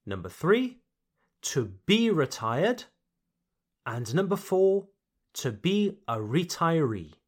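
A man teaching vocabulary on a podcast, speaking slowly and repeating each word so learners can follow. His voice sits a little high and swings through a lively melody. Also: breathy edge. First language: English. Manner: slow, deliberate, repeats words for learners. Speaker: English teacher and podcast host. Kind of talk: bilingual vocabulary lesson.

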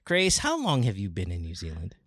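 Guy running a call-in show, animated voice, jokey, dry close sound. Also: deep voice, brisk, dry recording. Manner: playful, laughs loudly, swears casually. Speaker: podcast host taking calls. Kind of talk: casual call-in chat.

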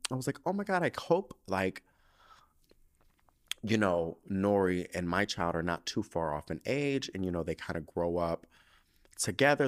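A man hosting a casual solo podcast into a microphone, rambling and emotional and swearing freely as if he were on the phone. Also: sits low. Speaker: podcast host.

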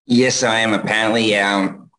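A man's voice: lowish voice, fairly even intonation, normal speed, pushed and bright. A man from Australia with an Australian accent, co-hosting a casual video call show, friendly and a bit nervous. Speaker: co-host.

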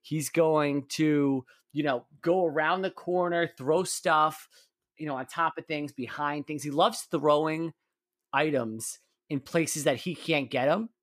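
A man co-hosting a casual sports podcast, relaxed and rambling with frequent restarts. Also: fairly high pitch, measured pace, no echo, studio quality. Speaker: podcast co-host.

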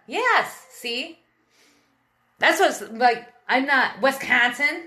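A woman from Western Pennsylvania hosts a casual podcast stream, chatting and laughing easily and calling out viewers by name. Her voice sits somewhat high and sounds bright and forceful. The sound carries the echo of a roomy space. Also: expressive, normal speed. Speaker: podcast host. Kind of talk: casual live-stream chat reading comments.

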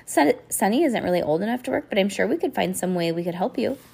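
A woman voicing a kind, sad neighbor judge who speaks gently and softly. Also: medium pitch, lively intonation, fast, vocal fry, husky, pitched above the performer's own voice. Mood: gentle.

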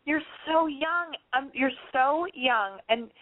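A woman's voice: high-pitched, takes it slowly, no echo, narrow, tinny audio. Gushing woman host on a call-in show. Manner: gushing, emotional, reassuring. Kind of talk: casual call-in advice chat.

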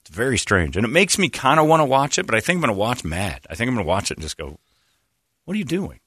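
A man's voice: medium pitch, very fast, husky, no room sound, studio quality. A man chatting casually on a podcast as host, telling stories animatedly and acting out quotes. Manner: animated storyteller, acts out quotes. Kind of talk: casual chat.

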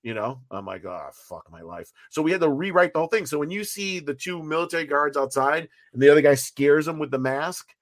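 A man, a fan-film writer and producer, talking as a podcast guest in a rambling, profane, animated way, with many restarts. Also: fairly high pitch, fast talker, few pauses, no echo, studio quality. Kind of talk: casual podcast interview.

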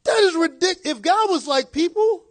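A man preaching a sermon with a rather high voice. He talks in a conversational, direct way and keeps asking his listeners rhetorical questions. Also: animated, normal speed.

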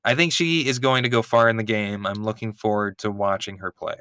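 A man's voice: fairly low pitch, fairly even intonation, a little fast, sharp tone, clean tone. A man co-hosting a podcast, rambling and joking in self-deprecating banter. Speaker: podcast co-host.

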